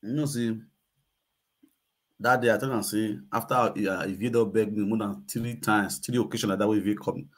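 A man's voice: fairly low pitch, fairly even intonation, normal speed. A man with a Nigerian Pidgin accent hosting a live video chat, ranting emphatically and repeating himself. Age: adult.

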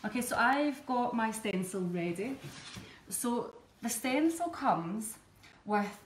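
A woman's voice: fairly high pitch, expressive, takes it slowly, slight background noise. Chatty Scottish woman demonstrating cake stencils. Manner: chatty, explains step by step. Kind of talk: live tutorial demonstration. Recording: echoey room, faint background ambience.

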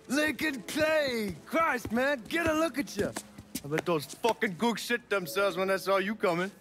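An actor playing a jovial, foul-mouthed old army buddy in a video game, laughing and swearing. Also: male voice, high-pitched, a little slow. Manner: boisterous and laughing, heavy swearing. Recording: game audio with music behind.

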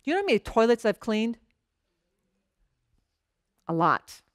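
A woman pastor delivers a sermon in a sing-song, unhurried voice, telling it conversationally like a story and frequently checking in with the congregation. She acts out short bits of dialogue in a lowered voice. The recording is dry, with clean studio sound.

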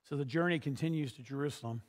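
A man's voice: mid-range voice, quick pace. A male pastor preaching a sermon, retelling a story and building to emphatic peaks.

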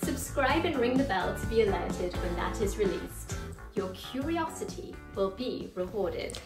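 A woman's voice: medium pitch, lively intonation, unhurried, over music. A young woman hosting an upbeat scripted vlog, playful and theatrical, with bursts of mock outrage. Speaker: host. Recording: roomy indoor sound.

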